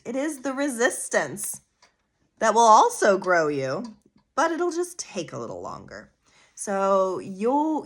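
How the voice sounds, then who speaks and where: A woman hosting her own astrology podcast, talking in an earnest, coaching way with casual asides and rhetorical questions. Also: mid-range voice. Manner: casual with fillers like "vibe" and "you know". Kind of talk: solo podcast monologue.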